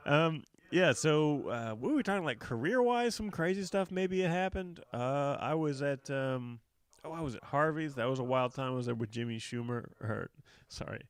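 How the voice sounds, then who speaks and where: A man's voice: a little high, expressive, moderate pace, smooth, dry recording. Rambling, profane male comedian. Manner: rambling storyteller, heavy fillers, profane. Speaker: comedian and podcast co-host. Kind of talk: casual podcast chat.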